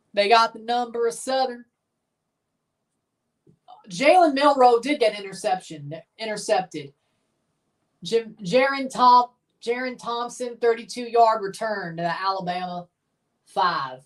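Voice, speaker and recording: A woman hosting a live game watchalong, giving chatty, blunt reaction commentary and bursting into excited cheers. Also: medium pitch, far from the mic. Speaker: livestream watchalong host.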